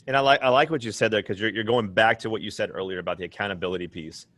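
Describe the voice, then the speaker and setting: A man's voice: on the low side, very fast, a bit bright, no echo. A man hosting an interview podcast, affirming the guest and reflecting back on what she has said. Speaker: podcast host.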